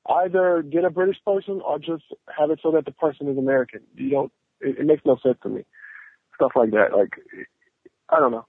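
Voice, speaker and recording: A man's voice: fairly high pitch, lively intonation, fairly quick, gravelly, breathy edge, no room sound. A man hosting a casual chat, giving emphatic, opinionated takes. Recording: tinny phone-like line.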